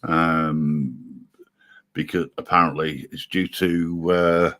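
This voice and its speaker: Low-voiced man, hesitant and chatty. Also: fairly even intonation, takes it slowly, a bit bright. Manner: hesitant, many fillers and restarts. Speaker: live stream host. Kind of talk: casual chat. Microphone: video call.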